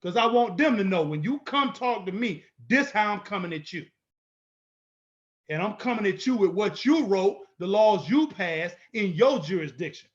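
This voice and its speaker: A man's voice: sits high, expressive, normal speed, lo-fi sound. A man giving an emphatic, confrontational lecture, repeating his points boldly. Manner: emphatic, repetitive, bold and confrontational. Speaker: instructor. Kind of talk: lecture-style video walkthrough.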